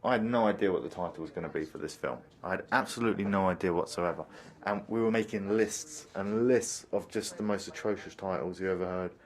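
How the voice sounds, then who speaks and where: A man's voice: low voice, brisk, hardly any pauses. A man giving a reflective commentary on his own film, thoughtful and searching for words. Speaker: filmmaker giving a commentary track.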